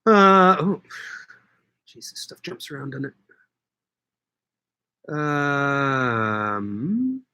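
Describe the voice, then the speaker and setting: Here the Canadian livestream host, a middle-aged market grower, speaks extremely slowly with long pauses, his medium-pitched voice smooth, pushed and bright, and swinging widely in pitch. He chats with viewers about their comments, joking and cursing casually.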